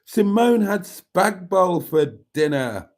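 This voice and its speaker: A Welsh-born man with a Birmingham accent hosting a casual livestream, chatty and jokey, reading out viewer comments and often clearing his throat. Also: sits high, lively intonation, slow, a little mellow. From Wales. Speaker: livestream host.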